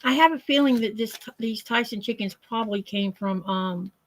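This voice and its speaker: A woman's voice: fairly high pitch, normal speed. A woman with a slightly raised voice keeps asking puzzled questions in a casual chat. She sounds like she is on a video call.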